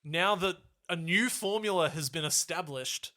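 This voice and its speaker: A man co-hosting a podcast, chatting casually about a film and acting out scenes in quick put-on voices. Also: high-pitched. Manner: animated, acts out scenes in quoted voices. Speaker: podcast co-host.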